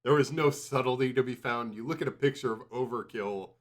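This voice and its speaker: A man's voice: mid-range voice, a little fast. A man chatting casually on a podcast, rambling, laughing and swearing freely.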